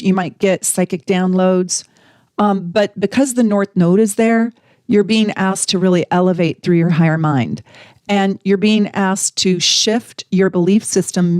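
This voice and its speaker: A woman astrologer talking casually to camera, animated and chatty as she tells stories. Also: mid-range voice, dry recording, clean studio sound.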